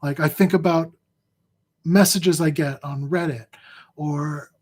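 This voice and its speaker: A husky-voiced man speaks in a loose, unscripted way, stopping and restarting his sentences. He sounds emotional and close to tears, and there is strain from physical pain in his voice. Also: a little high, fairly even intonation, a little mellow. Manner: rambling, halting, repeats words. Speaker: fantasy sports analyst. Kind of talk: heartfelt casual address to viewers.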